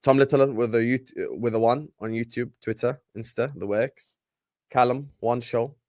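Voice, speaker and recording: Young male host, casual banter, middling pitch, dry close mic. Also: steady tone, moderate pace, darkish tone, no room sound. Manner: banter-heavy, reads fan messages aloud. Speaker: podcast host. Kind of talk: casual football chat.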